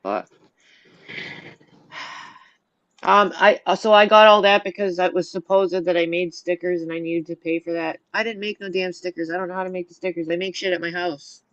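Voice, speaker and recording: A woman's voice: on the low side, fairly even intonation, moderate pace, fairly bright tone, no echo, muffled recording. A woman hosting a live online panel, talking in a hesitant, apologetic, casual way. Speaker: panel host.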